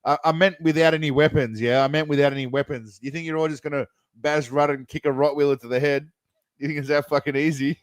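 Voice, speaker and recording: A man's voice: fairly high pitch, steady tone, quick pace, no room sound. A man, casually commenting on a live stream and talking straight to his chat in a rambling way. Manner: rambling, chatty, talks to chat directly. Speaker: streamer reacting to videos.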